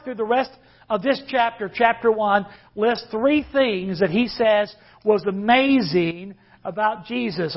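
A man's voice: very high voice, muffled recording. A man preaching a sermon as pastor, emphatic and leading the congregation in call-and-response.

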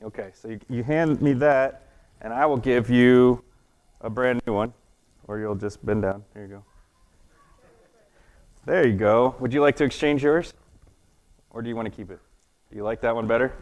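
A man's voice: mid-range voice, steady tone, normal speed, pauses often, a little mellow. A man giving a casual children's sermon, chatty and playful, often asking the kids questions and laughing at his own jokes. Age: adult. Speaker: children's church teacher. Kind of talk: children's sermon with object lesson.

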